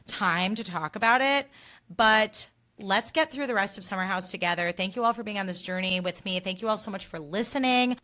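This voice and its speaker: A young woman hosts her own podcast in loose, casual chat. Her voice is bright and crisp in tone. She talks in animated, profane rants with quick emphatic bursts. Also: mid-range voice. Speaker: podcast host.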